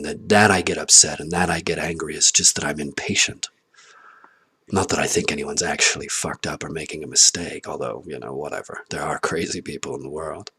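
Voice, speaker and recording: A man talking alone to the camera in a rambling personal monologue, swearing often, laughing at himself and swinging between loud outbursts and muttered asides. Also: very deep voice, breathy edge. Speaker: vlogger.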